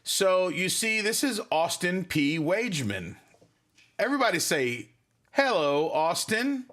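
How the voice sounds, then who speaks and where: A man's voice: high voice, big pitch swings, measured pace, a bit bright. A man hosting a casual livestream for his band, rambling and chatty as he reads viewer comments. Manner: rambling, chatty, many fillers.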